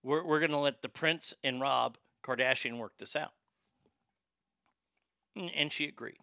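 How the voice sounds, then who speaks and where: A man spinning a casual, profane anecdote, his voice strikingly bright and forward. The sound is dry and close, with no room around it. He talks loosely and restarts his sentences as he goes. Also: a little high, measured pace, vocal fry, dry recording. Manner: profane, conversational, with frequent restarts.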